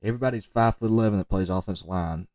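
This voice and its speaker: A man commenting off the cuff on football highlight film, rambling into joking asides and talking straight to the players. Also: very fast, warm tone, dry recording, clean studio sound, distant mic. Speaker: football recruiting video reviewer.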